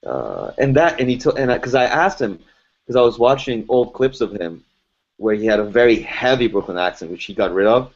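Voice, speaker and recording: A man telling animated stories in a relaxed interview, his faint foreign accent hard to pin down. His voice sits at an ordinary middle pitch. The recording is dull and lo-fi, like an online podcast. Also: a little fast. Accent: faint foreign accent, hard to place. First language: French or Arabic. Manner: animated storyteller, laughs often. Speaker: voice actor guest. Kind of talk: casual interview chat.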